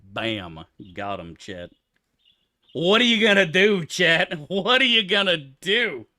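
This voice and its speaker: A man's voice: sits high, big pitch swings, slow pace, pushed and bright. A man streaming a game, answering his chat in loose, profane, rambling banter. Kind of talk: casual livestream chat, answering chat.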